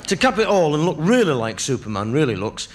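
A man's voice: a little high, slight background noise. A man, a stand-up comedian telling a story in a conversational, punchy way and checking in with the crowd. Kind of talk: live comic storytelling.

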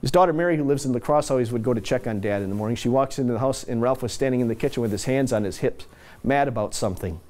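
A man's voice: mid-range voice, racing, a little mellow. A man giving a conversational keynote talk built around anecdotes, with casual, self-deprecating asides. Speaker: corporate speaker.

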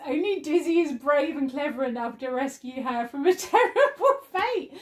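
A woman vlogging an unboxing and playing a retro game at home, gushing, squealing and laughing often. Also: high-pitched. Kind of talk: excited unboxing and gameplay chat. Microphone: phone.

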